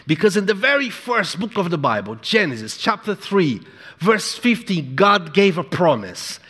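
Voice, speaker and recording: A man preaching a sermon in an emphatic, repetitive way, moving between hushed and loud delivery. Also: high-pitched, sing-song, normal speed, slightly rough. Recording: echoey hall with long reverb.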